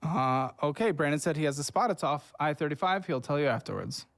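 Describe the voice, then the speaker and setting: A man's voice: on the high side, a little fast, gravelly, fairly bright tone. A man co-hosting a casual podcast, teasing his friend while reading out his purchases in a sing-song list. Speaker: podcast co-host.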